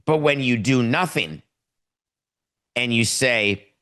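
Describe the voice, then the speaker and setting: A man's voice: medium pitch, takes it slowly, sharp tone, clear, resonant tone. A middle-aged man hosting a sports podcast, giving opinionated commentary with heavy sarcasm and mock dialogue. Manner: sarcastic, acts out mock phone calls. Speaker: podcast host.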